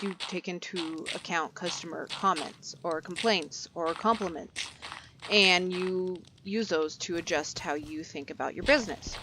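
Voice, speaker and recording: A woman's voice: lowish voice, pushed and bright, a little hiss or hum. A young woman giving casual gameplay commentary, chatty and rambling, easily sidetracked. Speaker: gaming video creator.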